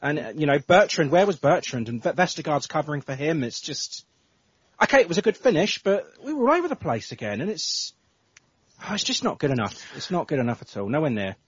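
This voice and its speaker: Man, husky voice, swings up and down in pitch, fed-up ranting, dull lo-fi recording. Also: sing-song, brisk, dry recording. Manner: exasperated, ranting, swearing. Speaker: podcast co-host. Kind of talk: casual football chat. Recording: dull lo-fi podcast audio.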